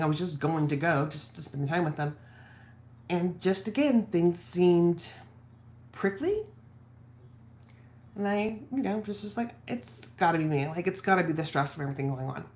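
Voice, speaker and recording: A woman vlogger candidly telling a personal story from home, quoting her husband and herself as she goes. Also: fairly low pitch. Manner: candid, reflective, quotes husband in her own voice. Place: at home office.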